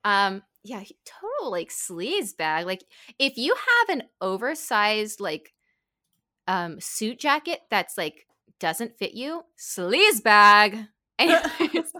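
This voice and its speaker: A young woman telling a story in casual chat, animated and giggly, full of "like". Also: mid-range voice, slow. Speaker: podcast co-host.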